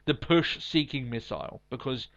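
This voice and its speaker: A man with a mid-range, slightly bright voice co-hosts a wrestling podcast at a moderate pace. His casual talk is opinionated and blunt, peppered with swearing, and the recording has a slightly dull lo-fi quality.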